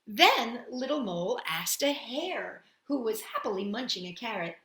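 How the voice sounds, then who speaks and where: A woman storyteller reading a children's picture book aloud, expressive and full of sound effects. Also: a little high, a little slow, hardly any pauses. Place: at home. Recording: echoey room.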